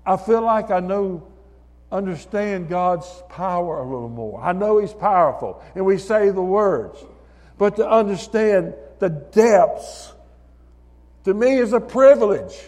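A man preaching a sermon in church, building to shouted hallelujahs and calling on listeners by name. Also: sits high, expressive, measured pace. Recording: long reverb of a hall.

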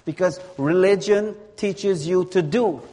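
A man preaching a sermon in a slow, deliberate way, leaning on words through repetition. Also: high voice, warm tone. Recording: long hall reverb.

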